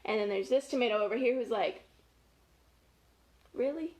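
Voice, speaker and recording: A woman's voice: on the high side, fast, darkish tone. A woman, a family educator, reading a picture book aloud to children in a playful, chatty way, with gasps and laughs along the way.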